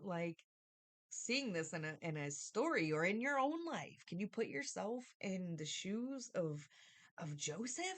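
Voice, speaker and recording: A woman giving a casual, rambling Bible study review, thinking aloud and often asking "right?". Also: on the high side.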